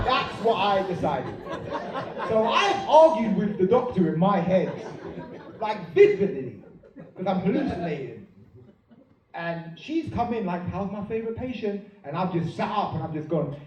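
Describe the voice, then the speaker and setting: A man tells a stand-up story, his voice sitting high and swinging widely in pitch. He breaks into sudden loud outbursts. The live recording is roomy and distant, with plenty of background noise. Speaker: stand-up comedian. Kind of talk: stand-up comedy set. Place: comedy venue stage.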